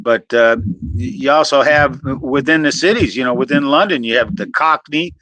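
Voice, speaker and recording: A man's voice: medium pitch, normal speed, pushed and bright, low-quality recording. A man from the US South with a Southern accent, hosting a casual chat and telling jokey stories. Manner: jokey storytelling, chuckles often. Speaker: host. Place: Florida.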